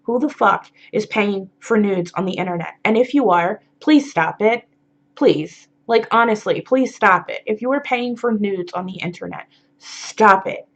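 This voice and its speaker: A woman's voice: mid-range voice, expressive, normal speed, highs cut off. A tired woman vlogging, talking bluntly and frankly with lots of swearing and filler words in a rambling confessional monologue.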